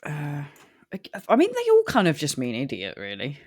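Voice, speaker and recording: A woman's voice: sits low, huge pitch swings, normal speed, darkish tone. A woman co-hosting a casual podcast chat, playful and giggly in her reactions. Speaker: podcast co-host.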